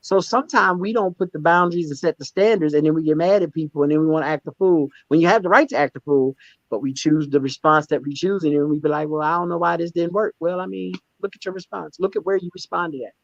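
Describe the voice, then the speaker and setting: A man telling candid stories as a guest in a conversational interview, emphatic and animated, often repeating words as he restarts. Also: on the high side, quick pace, no room sound, lo-fi sound. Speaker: stand-up comedian and guest.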